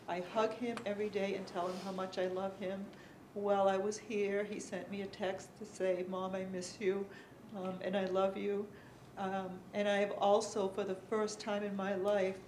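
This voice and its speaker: A middle-aged woman giving earnest personal testimony as a panelist at a conference, speaking haltingly with pauses and fillers. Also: medium pitch, echoey room, noisy background. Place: conference room.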